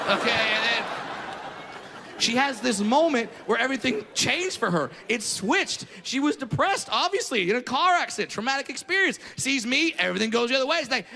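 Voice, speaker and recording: A man doing a stand-up comedy set in front of a live audience, brash and self-mocking, jumping into loud mock voices. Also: very high voice, expressive, a little fast. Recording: live room with long reverb and noise.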